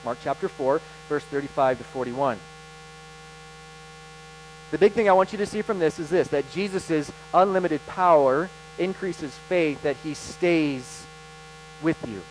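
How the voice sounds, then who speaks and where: A man delivering a sermon in a fairly high voice, animated and emphatic. He leans into dramatic pauses as he preaches, and a faint mains hum runs under the recording. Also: low-quality recording. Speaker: pastor.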